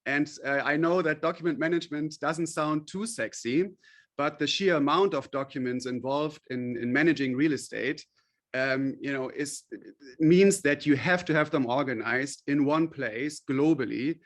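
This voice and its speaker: A man's voice: on the high side, moderate pace. A man, a company chief executive, guest on a radio interview, explaining at length in a friendly way with frequent fillers.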